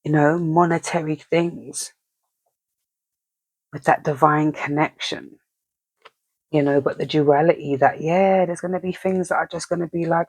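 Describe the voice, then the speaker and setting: A spiritual reader giving a casual message, animated and acting out inner voices with rhetorical questions. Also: mid-range voice, unhurried, long pauses, dry recording.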